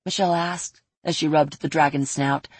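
A woman reading a fantasy story aloud in a steady narration. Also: low voice, moderate pace, slightly rough, no echo. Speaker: audiobook narrator.

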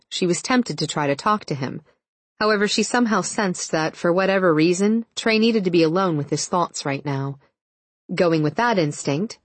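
Woman audiobook narrator; deep, even, measured, dry studio read. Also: dry recording. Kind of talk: scripted narration.

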